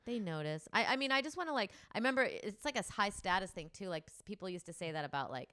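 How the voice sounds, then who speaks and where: A woman co-hosting a podcast in casual chat, talking in an animated, opinionated way. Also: mid-range voice, fast, clean tone, dry recording, clean studio sound. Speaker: podcast co-host.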